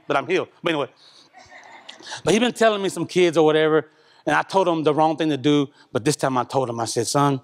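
Male preacher, high-pitched, lively sermon delivery, loud bursts then quiet asides. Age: young adult or middle-aged, father of a young son. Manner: animated, swings between loud and hushed. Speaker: pastor. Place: church.

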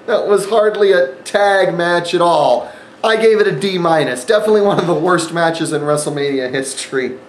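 A man's voice: sits high, moderate pace, reverberant, slight background noise, low-quality recording. A man hosting a casual wrestling review monologue, sarcastic and rambling, with frequent fillers. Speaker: wrestling event reviewer, channel host.

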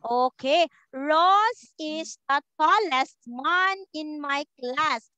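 A woman's voice: high voice, lively intonation, drawn-out words, sharp tone, dry recording, highs cut off. A woman English teacher giving an online one-to-one grammar lesson, speaking patiently and repeating words for her learner.

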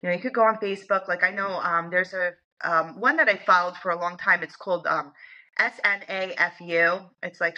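A woman's voice: on the low side, sharp tone, dull audio. A woman guest in a casual interview, talking in a chatty way full of "like" and "you know". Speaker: interview guest, dog owner.

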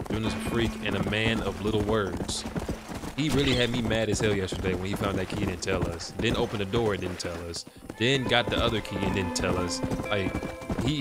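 A young man livestreaming a game, chatting casually with his audience in a slangy, profane, rambling way. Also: on the low side. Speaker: gaming livestreamer. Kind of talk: casual chat to a stream audience while playing. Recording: loud game sounds over the voice. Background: horse hooves and outdoor game ambience.

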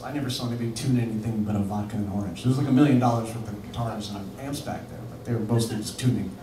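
A man telling a rambling, laughing anecdote on stage at a bar venue, full of fillers and restarts. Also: mid-range voice. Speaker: musician telling a story on stage. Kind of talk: live anecdote. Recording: echoey live room from far off with noise.

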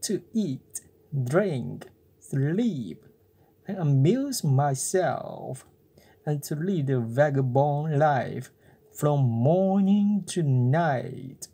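A cheeky wooden puppet boy talks back with slow, drawn-out defiance, as a storybook reader puts him on. The voice is soft and mellow, never sharp. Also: mid-range voice, animated, breathy edge, full character voice. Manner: cheeky, impatient.

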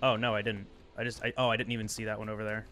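Bright-voiced man ranting over gameplay. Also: on the low side, little pitch movement, rapid-fire, faint music behind. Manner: frustrated ranting, venting at the game. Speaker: speedrunner streaming live. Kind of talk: live gameplay commentary.

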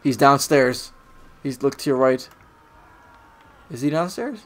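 A man with a sore throat, playing a video game with a friend and joking, yelling when startled. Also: medium pitch, lively intonation, unhurried. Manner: joking, shouts in panic. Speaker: gamer. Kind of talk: casual gameplay chat.

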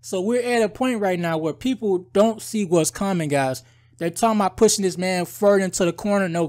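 A man giving casual, heated political commentary in a rambling vlog, calling his viewers "bro" and "guys" often. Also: high voice. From United States.

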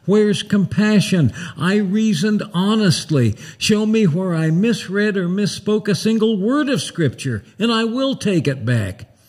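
A man doing a defiant condemned heretic, high and slow. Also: lively intonation, darkish tone, breathy edge, heavily acted. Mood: anguished. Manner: pleading, insistent. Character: condemned male heretic scholar, anguished and defiant.

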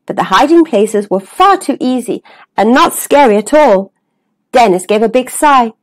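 A woman storyteller reading a children's picture book aloud with an expressive, sing-song delivery. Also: on the high side, moderate pace.

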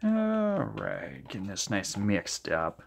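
A man hosts an acrylic pouring video, chatting keenly to the camera and working through his color mixing out loud. He speaks slowly in a fairly low, creaky voice with huge pitch swings, and there's slight background noise.

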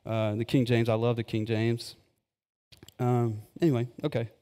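Rambling pastor preaching in a reverberant hall. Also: male voice, medium pitch, flat delivery, normal speed, mellow. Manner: rambling, filler-heavy and enthusiastic. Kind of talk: casual live sermon. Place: church sanctuary. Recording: long church-hall reverb.

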